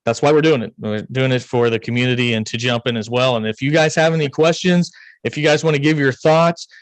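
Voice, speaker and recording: A man's voice: mid-range voice, fairly even intonation, a little fast, no room sound, rough recording. An American man co-hosting a racing podcast, chatting casually, joking and rambling. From United States. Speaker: podcast co-host. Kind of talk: casual chat.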